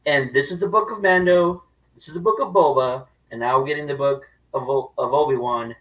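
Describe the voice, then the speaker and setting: Measured man, a bit off-mic. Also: a little high, fairly bright tone, far from the mic, muffled recording. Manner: measured, explanatory. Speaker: podcast co-host. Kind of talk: casual chat.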